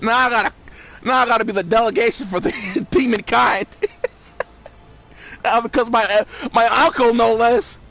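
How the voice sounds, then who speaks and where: A man's voice: very high-pitched, normal speed, creaky. A man ranting casually about a story he watched, swearing often and laughing between lines. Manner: profane, laughing, animated. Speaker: video creator. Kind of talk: casual rant.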